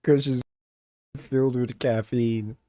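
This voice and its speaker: A man's voice: medium pitch, steady tone, slow pace, mellow, dry recording, studio quality. A man hosting a reaction video, joking and laughing often at the show. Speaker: reaction channel host. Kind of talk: casual reaction commentary.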